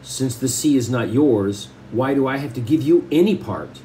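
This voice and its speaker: A blunt sea captain bargaining hard for his share, as a man reads his lines aloud from a storybook. The voice is mellow and warm, with a faint hiss behind it. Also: mid-range voice, normal speed, close to an everyday voice, poor audio. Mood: demanding.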